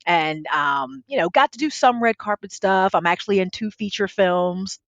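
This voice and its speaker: A woman guest on a podcast interview, telling her story in a lively way and laughing often. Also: mid-range voice, normal speed, vocal fry, no echo. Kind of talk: casual interview. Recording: slightly dull lo-fi sound.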